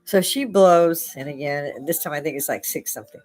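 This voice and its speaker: Lower-voiced woman telling stories with laughs. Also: fairly quick, a little mellow. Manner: laughs often while telling spooky stories. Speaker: host. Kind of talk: casual storytelling.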